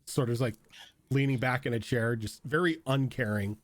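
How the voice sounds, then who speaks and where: A man narrating as game master of a tabletop role-playing game, in a relaxed, descriptive way. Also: medium pitch, moderate pace, no echo.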